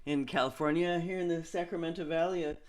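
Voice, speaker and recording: A woman guest singer-songwriter casually introducing a song over a video call, speaking haltingly with many pauses. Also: on the low side, steady tone, darkish tone. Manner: halting, with many fillers and restarts.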